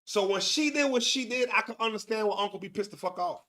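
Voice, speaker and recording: Man, high voice, slangy profane livestream host. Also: fast, bright, forceful tone. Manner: slangy, profane, laughs often. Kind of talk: casual live-stream commentary.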